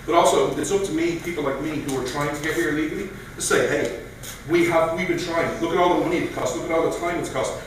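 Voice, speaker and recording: A man giving an animated speech at a political meeting, telling stories and acting out quoted voices. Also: on the high side, fast, slight background noise. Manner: animated, storytelling with mock voices. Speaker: guest speaker. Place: meeting room. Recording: echoey room from far off.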